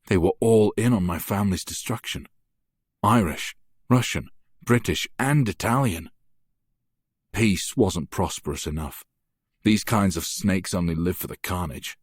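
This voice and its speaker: Man, audiobook narrator, very deep voice, dry close sound, intense gritty first-person reading. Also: a little slow, husky, dry recording.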